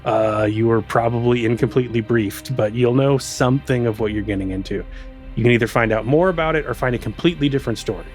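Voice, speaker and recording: A man running a tabletop game as game master, explaining rules in a relaxed way and laughing often. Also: mid-range voice, quick pace, soft background music.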